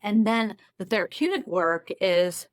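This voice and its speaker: A woman's voice: medium pitch, lively intonation, a little slow, no echo. A woman therapist explaining a self-esteem technique to camera from her home office, in a conversational way with self-deprecating asides. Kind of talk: casual talk-to-camera teaching.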